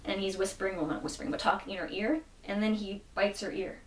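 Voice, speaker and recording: A woman casually recaps a comic book story, quoting its characters along the way. Her mid-range voice moves quickly, recorded from a distance with a roomy echo.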